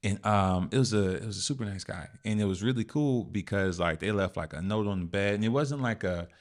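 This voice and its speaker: A man hosting a business podcast, talking in a relaxed, rambling way with lots of fillers. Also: fairly low pitch, fairly quick. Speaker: host. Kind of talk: casual podcast chat.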